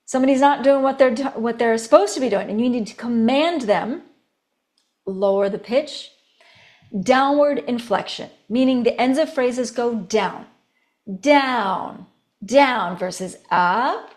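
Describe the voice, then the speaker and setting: A woman voice coach teaching a recorded course, animated, demonstrating tones and laughing between points. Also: moderate pace. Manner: animated, demonstrating each tone with shifts in pitch and volume.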